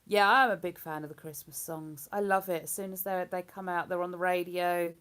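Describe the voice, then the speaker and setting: A woman's voice: on the low side, steady tone, brisk, a bit bright, smooth. A woman hosting a livestream in casual, rambling chat. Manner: rambling, chatty, breaks into hummed tunes. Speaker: livestream host.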